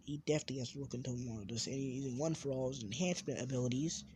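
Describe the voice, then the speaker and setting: A man's voice: mid-range voice, rapid-fire, a little hiss or hum. A young man casually making up a fan anime story as he goes, often interrupting himself and trailing off. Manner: rambling, self-interrupting, trailing off quietly. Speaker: channel host telling a fan story.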